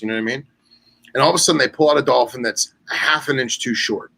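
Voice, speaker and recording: Bright-voiced man telling animated stories. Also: medium pitch, fast, creaky, breathy edge, low-quality recording. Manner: animated storyteller acting out quoted dialogue; loose, with many fillers and restarts. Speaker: podcast co-host. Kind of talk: casual chat.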